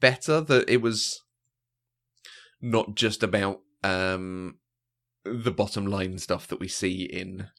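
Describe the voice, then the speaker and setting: A man co-hosting a film podcast in casual chat, animated and fond of acting out lines. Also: deep voice, slow pace, creaky, pauses often. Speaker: podcast co-host. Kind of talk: casual chat about films.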